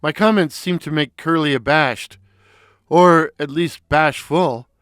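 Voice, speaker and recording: A man narrating a first-person audio story in an unhurried, wry storytelling manner. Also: a little high, fairly bright tone, no echo, clean studio sound.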